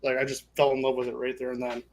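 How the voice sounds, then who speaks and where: A man chatting as a guest, at an ordinary mid pitch, talking with eager enthusiasm and rambling through fillers and restarts. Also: completely flat delivery, fast talker, slight background noise. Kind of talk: casual chat.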